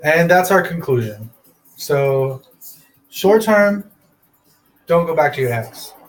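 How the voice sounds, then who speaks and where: A man's voice: on the high side, animated, takes it slowly, faint music behind. Chatty young man hosting a podcast. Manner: loose, rambling, laughs often. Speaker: podcast host. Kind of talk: casual chat.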